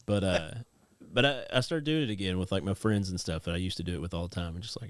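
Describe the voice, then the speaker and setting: A man's voice: deep voice, fast, no room sound. A man in his thirties, a podcast co-host, telling rambling stories about his kids in casual chat. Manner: rambling storyteller, acts out his kids' voices.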